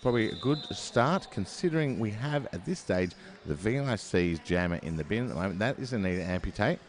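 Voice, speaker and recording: A man with a lowish, expressive voice and an Australian accent calls a roller derby bout live at a brisk clip. The headset-miked commentary is chatty and meandering, with many fillers and self-mocking asides.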